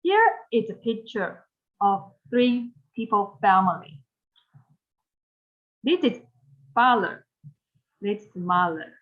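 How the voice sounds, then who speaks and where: A woman with a Mandarin Chinese accent teaching pronunciation, speaking slowly, repeating phrases and modeling tones for learners to repeat. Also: mid-range voice, big pitch swings, phone-quality sound. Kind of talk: pronunciation lesson.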